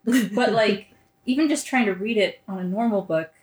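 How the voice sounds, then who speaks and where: A woman's voice: medium pitch, normal speed, echoey room. A woman in a casual book chat, talking in a dry, matter-of-fact way. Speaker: book club member.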